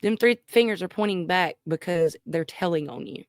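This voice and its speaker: A woman's voice: lowish voice, moderate pace, no room sound, studio quality. A woman giving reaction commentary in an earnest, emphatic way. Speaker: reaction video host.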